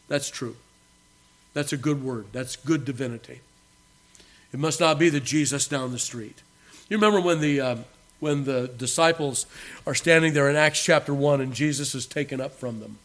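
A pastor preaching an emphatic sermon, swinging between loud declarations and hushed endings. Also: male voice, a little high, normal speed.

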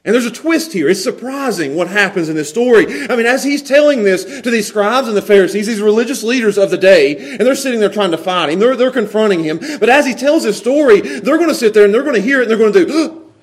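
A man preaching a sermon, animated, laughing often and repeating words as he goes. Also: high voice, fast talker. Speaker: pastor.

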